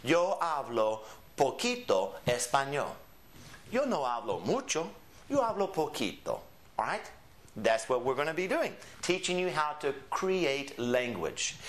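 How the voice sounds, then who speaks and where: A Spanish teacher with a fairly bright voice on the high side walks through a promotional lesson for his Spanish course. His manner is chatty and explanatory, and he sprinkles in Spanish phrases as examples.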